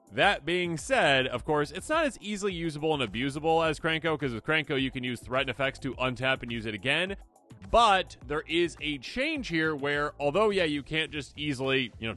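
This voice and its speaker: A man hosting a card game video, talking casually and excitably, slipping into quick imagined voices. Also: mid-range voice. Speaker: host.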